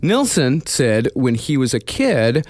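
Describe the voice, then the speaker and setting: A man's voice: mid-range voice, big pitch swings, slow, darkish tone, no echo, clean studio sound. A man co-hosting a podcast, casually retelling his research in a wry, profane way. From United States. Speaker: podcast co-host, lead researcher.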